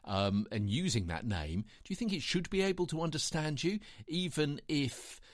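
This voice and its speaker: A man's voice: a little high, moderate pace, dry recording, clean studio sound. A man hosting a daily podcast, talking casually and reading out quotes, with plenty of fillers between them. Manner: reads out quotes with lively asides and fillers. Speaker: podcast host. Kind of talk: casual solo podcast commentary.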